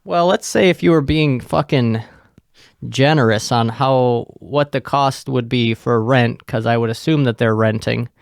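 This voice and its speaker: A man's voice: medium pitch, unhurried, vocal fry, no echo, clean studio sound. A young man, hosting a podcast and rambling through a profane, filler-heavy rant. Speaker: podcast host. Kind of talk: casual solo rant.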